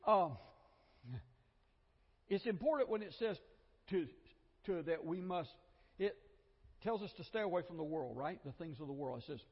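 In a church, a man with a Southern American accent preaches conversationally, tossing in jokes and repeating phrases. His voice is on the high side, animated, brisk and slightly rough, and the church hall recording sounds dull and echoey.

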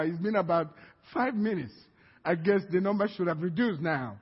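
High-voiced husky male preacher. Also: normal speed. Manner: lively storytelling, acting out scenes with voices. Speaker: pastor. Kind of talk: sermon. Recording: reverberant hall, dull sound.

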